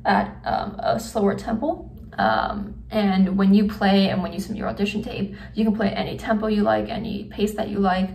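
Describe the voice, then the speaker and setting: Young woman teaching drum parts, slightly gravelly voice, sounds far from the mic in an echoey room. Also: mid-range voice, normal speed. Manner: counts beats aloud while drumming; relaxed, many fillers. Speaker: student drum instructor. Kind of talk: casual instructional demo.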